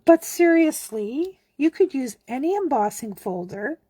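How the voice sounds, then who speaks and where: Slow, chatty woman crafting. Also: sits high, dry recording. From Canada. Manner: chatty, relaxed, talks while working. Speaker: card-making demonstrator. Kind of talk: casual craft tutorial.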